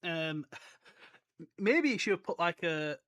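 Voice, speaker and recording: A man's voice: fairly high pitch, lively intonation, slow, fairly bright tone. A man hosting a podcast, chatting loosely about a book, rambling and laughing at his own jokes. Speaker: podcast host. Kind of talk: casual book discussion with read-aloud passages.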